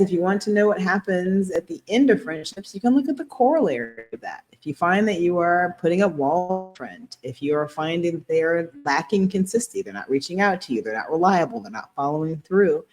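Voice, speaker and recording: A woman's voice: fairly low pitch, darkish tone. A woman co-hosting a podcast as a relationship therapist, talking earnestly and explaining things in casual chat, often breaking into giggles.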